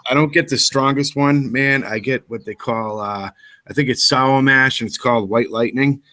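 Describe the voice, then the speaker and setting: Northern man co-host, excitable laughing banter, casual chat. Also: mid-range voice, moderate pace.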